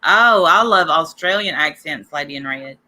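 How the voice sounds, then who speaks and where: Her voice is deep yet pushed and bright, with lively intonation at a normal speed. She's a podcast host with a cough, gossiping on a casual talk show, rambling on and chatting straight at the listeners.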